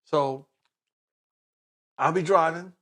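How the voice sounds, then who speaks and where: Speaking slowly in a fairly high voice, a middle-aged man who works as a police detective recounts a story during an interview. He's animated, performing the voices of each character he describes.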